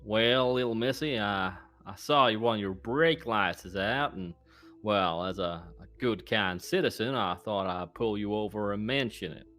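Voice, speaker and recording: A man's voice: on the low side, moderate pace, a bit bright, soft background music, lightly acted. A man doing a folksy, suspicious country cop. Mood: stern. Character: suspicious small-town southern male police officer.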